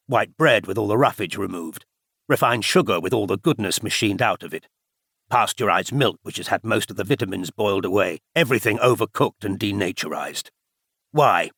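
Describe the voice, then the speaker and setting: A man's voice: fairly low pitch, fairly bright tone, no room sound, studio quality. A man voicing a stern, lecturing old spy chief. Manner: severe, emphatic, lecturing.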